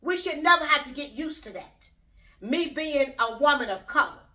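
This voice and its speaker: Talking bluntly and rambling directly to her audience, a middle-aged woman hosts a casual opinion vlog on her own YouTube channel. She speaks high with lively intonation at a moderate pace, her tone sharp, and the mic is distant.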